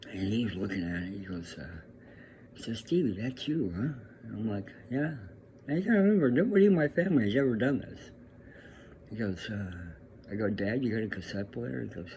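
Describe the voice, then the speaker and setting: A man's voice: sits low, a little hiss or hum. An older man from California, a professional musician, telling a rambling, fond story and acting out the lines of the people in it. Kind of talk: personal storytelling.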